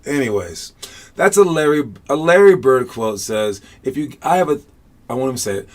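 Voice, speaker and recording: Man, basketball coach, casual online class, upbeat and encouraging, chatty with fillers, mid pitch. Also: expressive, moderate pace. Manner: loose and chatty, many fillers.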